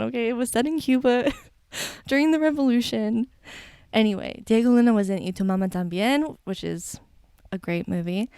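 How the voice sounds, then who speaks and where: A woman podcaster riffing through her segment in casual, irreverent chat, laughing easily and dropping the odd swear. Her voice is mellow and warm rather than bright, at a middle pitch. The recording is dry and close, with no room sound. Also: no room sound. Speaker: podcast co-host.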